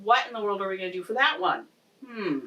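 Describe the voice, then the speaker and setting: Animated woman teaching young kids. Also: medium pitch, quick pace. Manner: animated, playful, talks to kids. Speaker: pre-K teacher. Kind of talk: children's lesson and read-aloud. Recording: distant mic.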